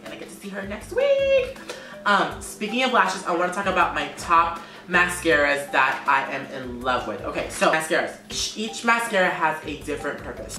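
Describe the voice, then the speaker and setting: A man's voice: on the high side, pushed and bright, distant mic. A man talking casually about makeup favorites in a vlog, gushing and repeating words for emphasis. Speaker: makeup vlogger. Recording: roomy echo, off-mic, music behind.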